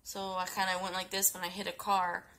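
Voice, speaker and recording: A woman's voice: fairly low pitch, completely flat delivery, fairly quick, sharp tone, poor audio. A young woman telling a story in a casual vlog, tired and sick, rambling with many fillers and restarts. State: sleepy and sick, yawning. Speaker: vlogger.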